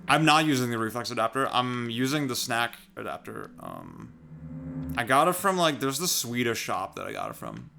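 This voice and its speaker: A man's voice: medium pitch, sing-song, moderate pace, vocal fry, bright, forceful tone, a little hiss or hum. A young man with a Californian-sounding American accent, chatting casually while streaming a game, rambling, trailing off and swearing often.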